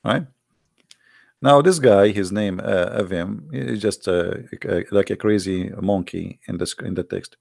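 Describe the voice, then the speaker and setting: A man with halting, non-native English giving a casual, heated, argumentative monologue to viewers, often repeating himself. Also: on the low side, creaky, a little mellow, no echo, clean studio sound. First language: not English.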